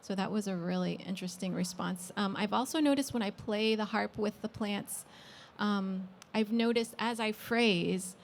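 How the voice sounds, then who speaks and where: A woman panelist with a gravelly, creaky voice speaks in a relaxed, thoughtful way, often pausing on "um." Faint room noise sits behind her. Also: mid-range voice. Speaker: panelist and harpist. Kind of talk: casual panel talk.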